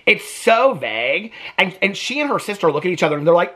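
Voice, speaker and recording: A man's voice: high voice, sing-song, fairly quick, few pauses, a bit bright. A man giving casual reaction commentary on his vlog, chatty, often asking "okay?" and acting out quotes in put-on voices. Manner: acts out quotes in changed voices. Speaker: reaction vlogger.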